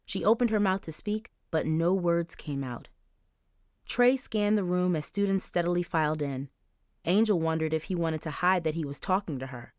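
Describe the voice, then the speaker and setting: A woman's voice: fairly low pitch, normal speed, no room sound. Woman narrating an audiobook, dry close sound. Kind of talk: scripted narration.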